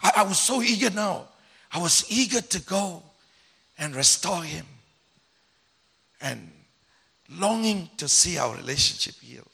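A man, a pastor, telling a personal story in a sermon in an animated way, swinging between loud and hushed. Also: high voice, a little slow, creaky, long pauses, breathy edge. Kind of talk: sermon testimony.

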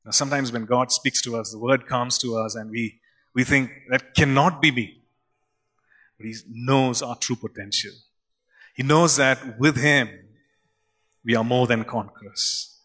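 Bright-voiced male preacher telling stories. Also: medium pitch, normal speed. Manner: animated, conversational with fillers. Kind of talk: sermon storytelling.

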